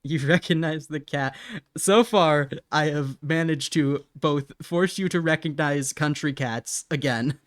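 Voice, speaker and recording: A man's voice: fairly high pitch, a bit bright, clear, resonant tone, no echo, studio quality. A young man chatting casually on a live stream while he draws, laughing often and apologizing in a self-mocking way.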